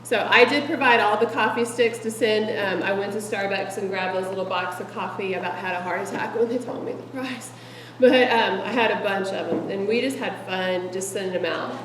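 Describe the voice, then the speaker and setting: A middle-aged woman presenting meeting ideas to fellow directors, chatty and animated and laughing often. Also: mid-range voice, fairly quick, few pauses, slight background noise. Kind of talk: casual presentation to a group. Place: meeting room with an audience. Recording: echoey room from a distant mic, audience audible.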